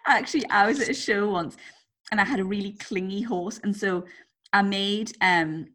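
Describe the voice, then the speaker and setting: A woman's voice: medium pitch, fairly bright tone. A woman co-hosting a podcast, telling playful stories in casual chat and laughing often. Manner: storytelling, playful, quick to laugh. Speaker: podcast co-host.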